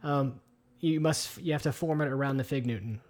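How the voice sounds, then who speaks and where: A podcast co-host speaks from his home kitchen through a headset microphone with headphones, rambling with many fillers and restarts. His medium-pitched voice is a little mellow and moves at a normal speed.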